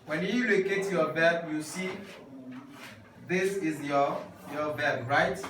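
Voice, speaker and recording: A man's voice: fairly high pitch, takes it slowly, noisy background. A man with an African English accent teaching French grammar to a class, explaining step by step. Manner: drills the class with call-and-response. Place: large echoey classroom. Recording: echoey room from far off.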